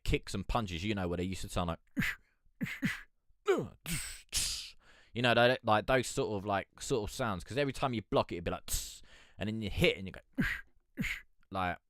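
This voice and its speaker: A man's voice: low-pitched, a bit bright, dry recording, studio quality. A man hosting a music review livestream, chatting casually in a rambling way, swearing freely and laughing often. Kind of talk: casual live-stream chat.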